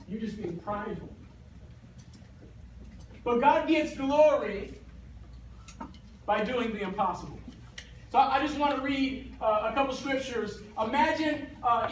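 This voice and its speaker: Give me a man teaching a youth Bible class, recorded from a distance in an echoey church room with a faint hiss. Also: very high voice. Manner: animated, slangy storytelling.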